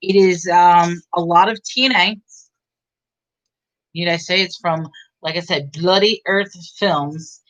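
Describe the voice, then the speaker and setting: A woman's voice: lowish voice, steady tone, slow pace, dull audio. A woman giving a casual, rambling movie review, chatty and giggly, with many fillers.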